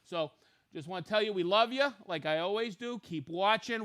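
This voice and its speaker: A middle-aged man hosting a live stream, excitedly reading out where viewers are watching from. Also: high voice, moderate pace. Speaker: livestream host.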